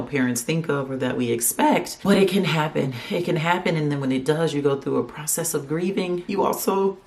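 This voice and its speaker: A woman's voice: sits low, vocal fry. A woman vlogger giving an earnest, tearful book review, talking straight to her viewers. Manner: earnest, emotional, addresses viewers directly. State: tearful, on the verge of crying. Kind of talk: casual emotional book review.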